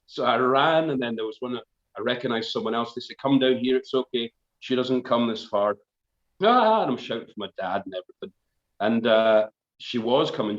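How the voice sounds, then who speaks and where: A man spins a rambling, self-mocking yarn over a live stream. He often stops to laugh at himself. The audio sounds roomy and a little dull, like a stream captured in an echoing indoor space. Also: on the low side. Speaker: folk band member on live stream. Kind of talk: casual storytelling.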